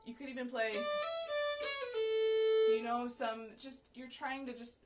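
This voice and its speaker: A woman from the USA giving a relaxed, explanatory fiddle lesson, often checking in with "right?", with violin playing between phrases. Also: fairly high pitch, measured pace, over loud music. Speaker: violin teacher. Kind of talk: casual music lesson with fiddle demonstrations.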